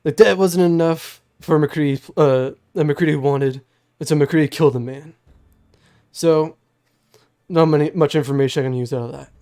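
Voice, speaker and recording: A man's voice: normal speed, mellow, natural voice. A young man doing Ryze, a grave old mage. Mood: guarded. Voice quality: slightly lowered, groggy-sounding voice. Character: stern, secretive old male mage. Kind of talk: game master voicing a character.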